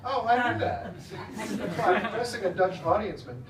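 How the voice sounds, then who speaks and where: A man's voice: high-pitched, expressive, moderate pace, crowd noise. An American man doing a rambling, chatty stand-up comedy set, often laughing at his own jokes. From United States. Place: comedy club stage in the Netherlands. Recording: echoey room from some distance, faint noise.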